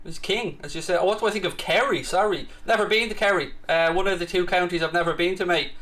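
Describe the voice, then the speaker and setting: Cocky Irish man with a high, bright voice. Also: quick pace. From Ireland. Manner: cocky, teasing banter with mock bravado. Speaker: livestream host. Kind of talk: casual live chat reading viewer comments.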